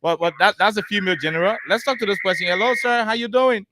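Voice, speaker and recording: A man hosting a call-in radio show, briskly hurrying callers along. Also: high voice, noisy background. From Liberia. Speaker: radio talk show host.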